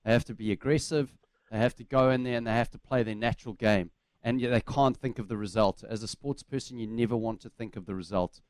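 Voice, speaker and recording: Rugby guy on radio, calm and thoughtful, lots of ums, dry sound. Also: lowish voice, smooth, no echo. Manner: measured, reflective, with fillers. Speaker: rugby guest. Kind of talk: radio interview.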